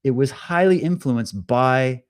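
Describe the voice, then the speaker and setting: A man's voice: medium pitch, animated, measured pace. A man hosting a live stream, giving casual commentary with sarcastic, mocking asides. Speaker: livestream host.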